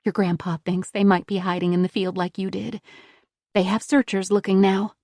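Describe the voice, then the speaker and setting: Woman playing a soothing worried grandmother, soft reassuring tone, gravelly voice, dry recording. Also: mid-range voice, little pitch movement, normal speed, dry recording, lightly acted.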